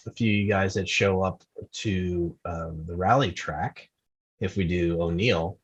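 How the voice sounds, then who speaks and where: A man talks casually as a podcast guest, his voice husky and slightly rough. He rambles in a chatty way, repeating words as he tells his stories. The recording sounds dull and a little lo-fi. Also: deep voice, takes it slowly.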